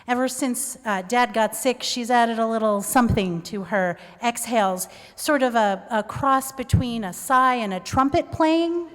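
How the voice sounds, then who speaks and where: A woman telling a personal story on stage, animated and self-mocking. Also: a little high, measured pace, few pauses. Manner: animated, self-mocking, acts out quoted voices. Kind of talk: live storytelling. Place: performance venue stage. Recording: live stage with long hall reverb.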